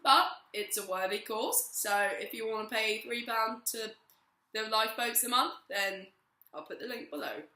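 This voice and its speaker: A young woman in her twenties chatting casually to camera as a vlogger, giggly and rambling, her voice a little hoarse. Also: a little high, normal speed, sharp tone. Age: 20s. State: voice going hoarse. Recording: roomy echo.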